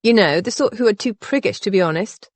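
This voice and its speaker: A woman's voice: mid-range voice, lively intonation, brisk, no room sound, natural voice. A woman voicing an outspoken, teasing younger sister in an audiobook. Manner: bold, needling.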